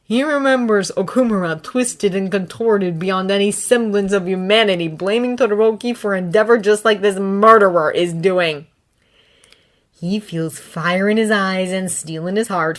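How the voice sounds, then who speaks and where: A woman narrating a fanfiction story in an expressive, dramatic reading. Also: mid-range voice. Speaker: fanfiction reader. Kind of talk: audiobook narration.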